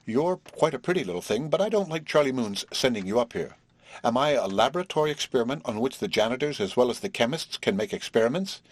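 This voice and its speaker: Man doing a stiff brainy young guy in an audiobook, husky, lecturing, bristly. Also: mid-range voice, expressive, fast, no echo, pitched above the performer's own voice, lightly acted. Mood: indignant. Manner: formal, lecturing, indignant. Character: earnest, prim young male intellectual prodigy.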